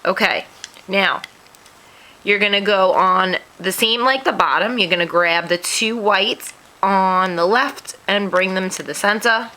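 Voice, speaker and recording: A woman's voice: medium pitch, a little slow, pushed and bright, poor audio. A woman hosting a craft tutorial, walking through each step in a chatty, self-deprecating way while sniffling. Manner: chatty, self-deprecating, talks through her hands-on work.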